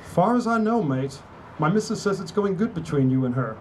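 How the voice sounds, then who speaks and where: A man's voice: high-pitched, lively intonation, a little fast, darkish tone, slight background noise, pitched above the performer's own voice, poor audio. A man reading aloud and voicing a breezy, chummy British rugby teammate with a British accent. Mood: teasing. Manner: chummy, teasing, upbeat. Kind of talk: live reading of a novel.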